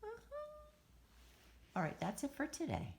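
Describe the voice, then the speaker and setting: Woman, middle-aged, animal communicator; casual, heartfelt storyteller with a lowish voice and a very animated pitch. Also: normal speed, vocal fry. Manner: chatty, emotional, swooping up high when excited.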